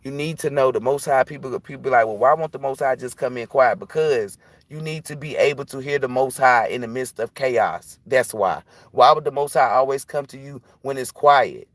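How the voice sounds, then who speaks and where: A man's voice: mid-range voice, normal speed, dry recording. A man who reads tarot, talking casually and bluntly on a livestream, preachy and profane. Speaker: tarot reader.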